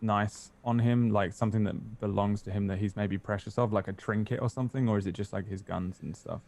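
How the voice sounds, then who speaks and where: A man playing a tabletop game over a call, relaxed and joking, laughing often. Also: on the low side, a little fast, vocal fry. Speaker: player. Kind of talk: casual tabletop game chat.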